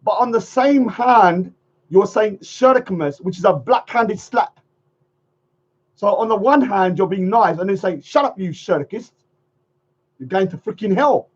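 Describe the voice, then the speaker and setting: A man with a fairly high voice chats casually to his livestream audience, rambling and circling back to the same phrases. The sound is muffled and lo-fi, like typical stream audio. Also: unhurried, slightly rough. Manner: rambling, repeats phrases, chuckles often. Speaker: livestream host.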